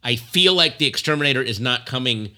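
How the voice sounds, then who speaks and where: A man co-hosting a podcast in casual chat, an animated, joking storyteller. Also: medium pitch, fairly quick. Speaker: podcast co-host.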